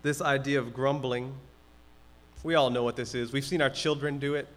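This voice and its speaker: A man's voice: mid-range voice, steady tone, normal speed, a bit bright. A man pastor preaching a sermon in a conversational way, acting out everyday complaints.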